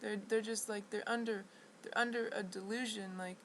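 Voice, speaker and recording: A woman telling a rambling personal story to camera. She talks in a halting, restless way, full of restarts and fillers, and sounds indignant. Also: medium pitch, steady tone, slight background noise, low-quality recording. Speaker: vlogger.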